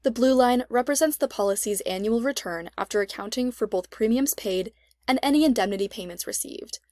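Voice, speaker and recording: Woman narrating a software tutorial. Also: fairly high pitch, dry recording, studio quality. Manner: even, measured reading. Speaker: extension instructor.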